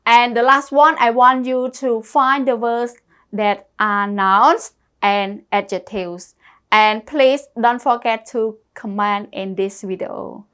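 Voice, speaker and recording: A woman's voice: on the high side, fairly even intonation, takes it slowly, a bit bright, clean tone. A woman teaching English vocabulary, repeating each word and spelling it out letter by letter. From Cambodia. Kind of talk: slow classroom lesson.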